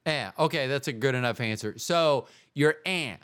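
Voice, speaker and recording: A podcast host with a medium-pitched, somewhat bright, smooth male voice speaks at normal speed. In a casual interview, he asks long, rambling questions, corrects himself, and cracks goofy jokes. The recording is dry with clean studio sound.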